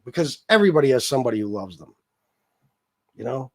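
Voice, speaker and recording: A man's voice: medium pitch, animated, brisk, no room sound, studio quality. A man hosting a livestream, ranting bluntly with lots of swearing and rambling asides. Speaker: livestream host. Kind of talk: casual livestream rant.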